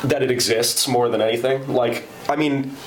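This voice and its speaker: A man's voice: medium pitch, steady tone, moderate pace. A young man who hosts a campus radio show, telling a story in a loose, chatty way full of "like". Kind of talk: casual anecdote telling. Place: radio station. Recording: roomy room with faint noise.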